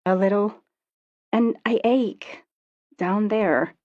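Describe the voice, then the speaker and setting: A woman voicing a weary, subdued teenage girl who speaks quietly and hesitantly, on a dull, lo-fi recording. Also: mid-range voice, slow, dry recording, close to an everyday voice.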